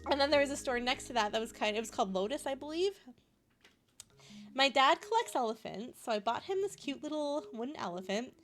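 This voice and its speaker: A woman's voice: high voice, lively intonation, fairly quick, soft background music. A bubbly young woman from Canada chatting casually with her stream chat, giggling often and gushing over cute things.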